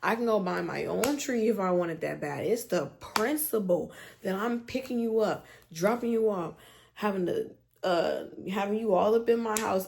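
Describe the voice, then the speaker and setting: A young adult woman telling a storytime vlog in an animated, slangy, exasperated way. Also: medium pitch, normal speed, vocal fry, a little hiss or hum. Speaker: vlogger.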